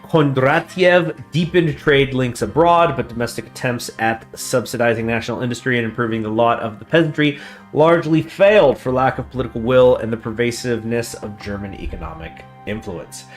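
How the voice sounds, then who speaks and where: A man's voice: medium pitch, fairly quick. Chatty man reading game text. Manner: chatty, stumbles over foreign names. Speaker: let's play host. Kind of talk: casual gameplay commentary, reading game text aloud. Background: faint guitar music.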